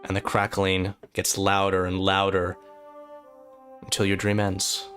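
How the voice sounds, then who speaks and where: A man narrating a tabletop fantasy game as game master, telling a dream in measured second-person storytelling. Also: deep voice, completely flat delivery, a bit bright, soft background music. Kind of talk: slow, atmospheric tabletop narration.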